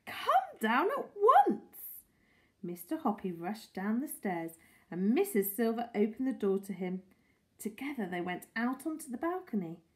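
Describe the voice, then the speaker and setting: A woman reading a children's story aloud with expressive, animated storytelling. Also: mid-range voice, normal speed, rough recording. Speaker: storybook reader.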